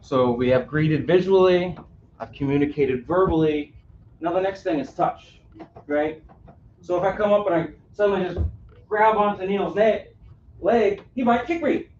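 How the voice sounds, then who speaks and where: A man's voice: sits high, normal speed, a little mellow, slight background noise. A man presenting a caregiving workshop to a live audience on a cruise ship, engaging the room with questions and a frequent "right?". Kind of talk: live interactive workshop talk. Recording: roomy, distant, dull audio.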